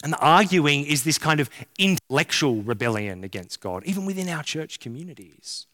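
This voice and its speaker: A man's voice: fairly high pitch, expressive, a little fast, pushed and bright. A man preaching a sermon as a pastor, casual and joking, full of slang. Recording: long hall reverb.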